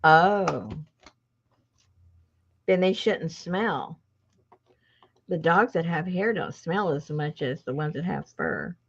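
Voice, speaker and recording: A woman hosting a crafting session speaks slowly, with a pitch that swings up and down freely. She chats casually and thinks aloud as she works. The recording is dull and lo-fi. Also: sing-song, slightly rough. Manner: chatty, thinks aloud while working. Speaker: crafting channel host. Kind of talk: casual chat while crafting.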